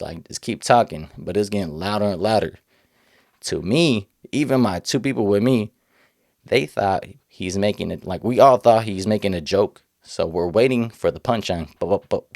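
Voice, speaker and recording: A man's voice: sits low, animated, normal speed, creaky, darkish tone, no room sound, clean studio sound. A young man casually telling a personal story, rambling with slang and many restarts. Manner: rambling, repeats himself, slangy. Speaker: vlogger telling his own story.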